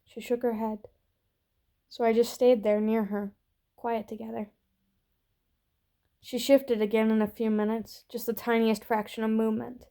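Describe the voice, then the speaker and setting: A woman reading a story aloud in a slow, soft, gentle voice that sometimes drops to a hush. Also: a little high, flat delivery. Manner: slow, soft and gentle, dropping to hushed whispers. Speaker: reader.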